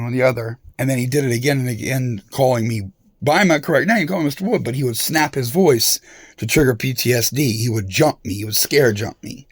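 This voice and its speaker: Man with a gravelly voice, rambling and confrontational, swearing a lot, dry recording. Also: medium pitch, fast, dry recording. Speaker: vlogger. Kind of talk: rambling monologue rant.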